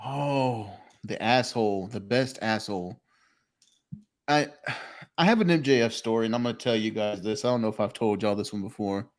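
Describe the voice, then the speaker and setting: A man's voice: fairly low pitch, moderate pace. Profane storytelling podcast host man. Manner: profane, storytelling, laughing often. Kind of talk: casual chat. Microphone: phone call.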